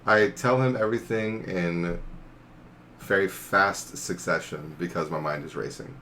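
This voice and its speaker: A man taking part as a player in a tabletop game, relaxed and describing his character's actions. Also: sits low, a little slow, a little hiss or hum.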